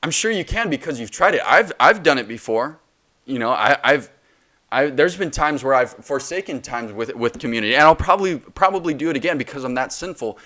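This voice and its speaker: A man's voice: mid-range voice, expressive, brisk, pushed and bright. A man in his twenties hosting a solo faith podcast, talking passionately and preachily, with many restarts. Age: 20s. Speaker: podcast host.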